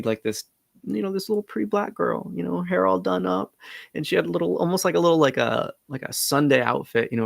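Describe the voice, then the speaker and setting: A man earnestly recounting a personal breathwork experience, halting and full of fillers. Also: fairly low pitch, creaky, no room sound. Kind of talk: personal storytelling.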